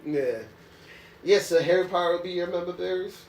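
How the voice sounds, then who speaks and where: A man co-hosting a casual couch chat, animated and laughing, often acting out what people said. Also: sits high, brisk. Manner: animated, laughing, acts out quotes in voices. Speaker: co-host. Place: living room couch. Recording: echoey room, mic at a distance.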